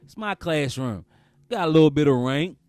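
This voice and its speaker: A man, talking as a podcast host in a comedic, casual monologue, repeating phrases and breaking into loud outbursts. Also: on the high side, lively intonation, normal speed, smooth, dry recording, studio quality.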